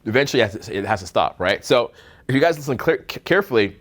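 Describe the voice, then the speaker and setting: A man's voice: mid-range voice, animated, fast talker, fairly bright tone. A man coaching a live seminar room on dating, talking bluntly with swearing and jokes, slipping into mocking voices to make his points. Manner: blunt, profane, joking, slips into mocking put-on voices.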